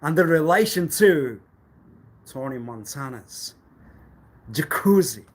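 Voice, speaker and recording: A man streaming live, talking to himself in a loose, cryptic ramble. His voice sits in a middle pitch, dropping to quiet mutters and then jumping into loud, emphatic outbursts. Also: slow, long pauses, slightly rough. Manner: rambling and cryptic, swinging between low mutters and loud bursts.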